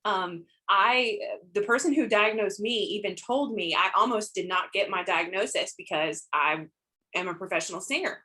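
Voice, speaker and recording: A woman's voice: mid-range voice, normal speed, pushed and bright, low-quality recording. A woman who is a professional singer, speaking upbeat and emphatic in a casual group video call.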